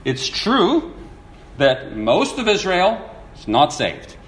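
A man preaching a sermon, telling a parable and reading verses in an animated, storytelling way, acting out the quoted voices. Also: sits high, slow pace. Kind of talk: sermon teaching. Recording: echoey room with faint ambience.

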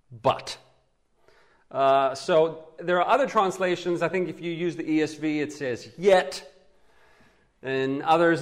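A man preaching an expository sermon as pastor, teaching with rhetorical questions and emphatic answers. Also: on the high side.

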